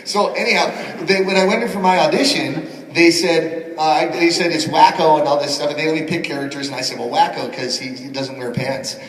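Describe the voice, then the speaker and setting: A man on a convention panel telling animated stories about his work, slipping into voices along the way. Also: on the high side, brisk, few pauses. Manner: lively storyteller, slips into voices and impressions. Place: large convention hall. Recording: echoey hall, miked from far off. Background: audience laughter and crowd.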